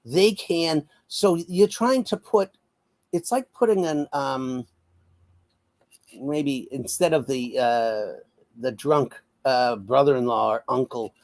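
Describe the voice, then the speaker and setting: A man's voice: medium pitch, slow. A man giving casual political commentary as an interview guest, wry and often laughing, with many fillers and restarts, over a video call.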